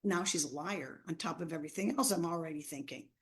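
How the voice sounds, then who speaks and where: A woman's voice: deep voice, quick pace. Woman presenter telling a classroom story. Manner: animated storytelling with acted quotes. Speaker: seminar presenter. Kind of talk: online training seminar.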